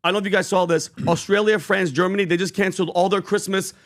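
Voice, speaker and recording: A man co-hosting a podcast, telling a faith story with animated, preachy conviction. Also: high-pitched, fast. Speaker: podcast co-host. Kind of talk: casual podcast chat.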